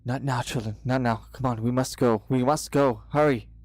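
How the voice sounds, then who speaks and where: A man's voice: mid-range voice, fairly even intonation, moderate pace, a little mellow, dry recording, lightly acted. A man voicing a male baker who urgently orders children to hurry to safety. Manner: urgent, commanding.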